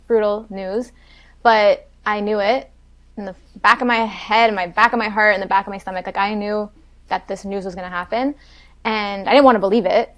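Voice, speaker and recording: A woman's voice: mid-range voice, steady tone. A young woman talking as a podcast guest in casual chat, chatty and filling her talk with "like". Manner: fast and chatty, fills talk with "like". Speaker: podcast guest, Pilates instructor.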